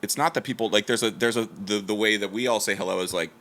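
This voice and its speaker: Rambling low-voiced man from Ohio. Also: fast talker, fairly bright tone. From Ohio, USA. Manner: rambling, many fillers and restarts. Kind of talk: casual conversation.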